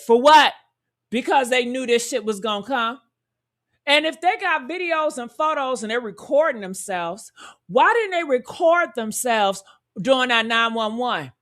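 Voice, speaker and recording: Woman host, high voice, blunt heated reaction commentary. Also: a bit bright. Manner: blunt, fired-up, rhetorical questions.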